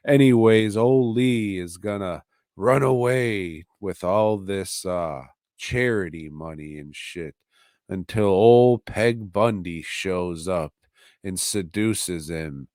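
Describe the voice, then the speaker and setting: Recapping a TV episode on his home podcast, this man talks casually with profanity, an offhand attitude, and a slow drawl. His voice sits low with a darkish tone, and the studio-quality recording has no echo.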